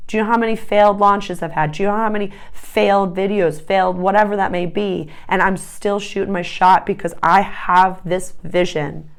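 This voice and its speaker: A woman's voice: medium pitch, smooth. A woman talking casually and enthusiastically as an astrologer and tarot reader, emphatic and prone to rambling asides. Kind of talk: casual spiritual vlog talk.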